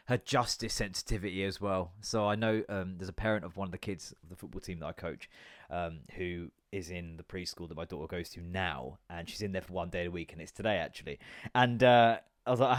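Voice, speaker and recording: A man's voice: low voice, brisk, dry recording. Male podcast host in his thirties, comic, sweary, loose and rambling, dry close sound. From United Kingdom. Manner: jokey, swearing, rambling asides; comedic, stand-up performer. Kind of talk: casual chat.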